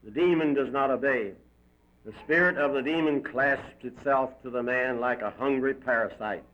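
A man's voice: mid-range voice, moderate pace. A man giving an emphatic, dramatic reading of a moral story. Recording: dull lo-fi recording.

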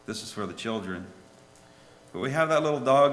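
Animated man preaching in an echoey hall. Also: a little fast, slight background noise. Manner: animated, swinging from soft low asides to loud high pleas. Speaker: lay preacher. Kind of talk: sermon with a children's story. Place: church. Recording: echoey hall with faint ambience.

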